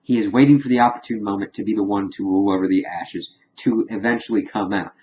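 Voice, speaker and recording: Young man, low voice, casual TV review, chatty scene recap, dull lo-fi recording. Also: steady tone, quick pace, slight background noise. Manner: chatty, retells scenes with loose quoted dialogue. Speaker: TV episode reviewer.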